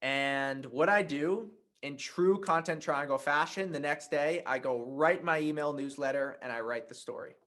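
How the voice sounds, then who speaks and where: A man teaching a writing workshop, telling a personal anecdote in a conversational, animated way. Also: a little high, normal speed, hardly any pauses. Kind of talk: workshop talk with storytelling.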